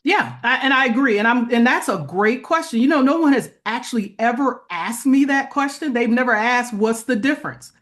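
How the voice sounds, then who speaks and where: Woman guest, somewhat high voice, plain-spoken explainer who keeps checking in. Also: moderate pace, few pauses, a bit bright. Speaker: guest, funding expert. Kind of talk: conversational interview.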